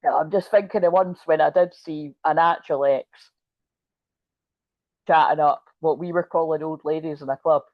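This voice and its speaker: A middle-aged woman with a fairly low voice, talking through a tarot reading in a loose, rambling way. She giggles and swears, keeps wandering off on asides, and sounds tired. The audio is dull, lo-fi and dry. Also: steady tone, normal speed, dry recording. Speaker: tarot reader. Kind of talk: casual tarot reading chat.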